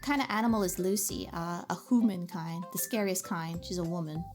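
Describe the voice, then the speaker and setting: A woman's voice: fairly low pitch, steady tone, brisk, darkish tone, faint music behind. A woman livestreaming a game, chatting with her viewers in a bubbly, giggly way from a home setup. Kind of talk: casual livestream chat.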